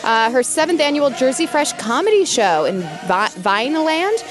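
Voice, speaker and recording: A female podcast co-host with a somewhat high voice and a wry, teasing manner. She introduces guests and jokes in a loose chat. Music plays clearly under her voice. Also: sing-song, moderate pace.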